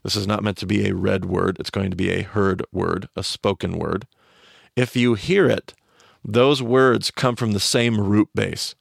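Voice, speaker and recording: A man's voice: on the low side, fairly even intonation, a little slow, creaky, no echo, clean studio sound. A man teaching on a podcast, explaining a story and quizzing his cohost with questions.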